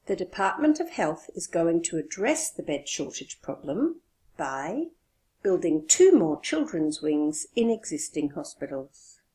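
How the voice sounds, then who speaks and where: A woman teaching an English lesson, explaining slowly and stressing key words. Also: fairly low pitch, darkish tone.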